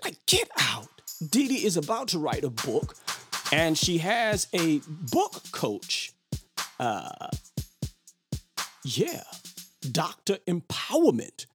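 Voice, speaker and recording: A man hosting a podcast, chatting casually in an animated, rambling way with lots of fillers. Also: a little high, slow pace, long pauses, faint music behind. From Brooklyn. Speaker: podcast host. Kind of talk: casual chat.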